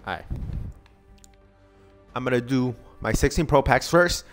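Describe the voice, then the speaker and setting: A man casually commenting on a video game pack opening, excitable and begging the game for good pulls. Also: on the low side, moderate pace, pauses often, soft background music. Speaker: gaming channel host.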